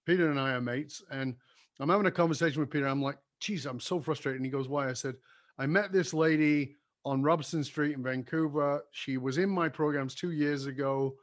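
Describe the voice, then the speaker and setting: Fairly high-voiced storytelling man. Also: brisk. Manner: animated storyteller who acts out quoted voices. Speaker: former seminar company owner. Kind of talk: casual conversation.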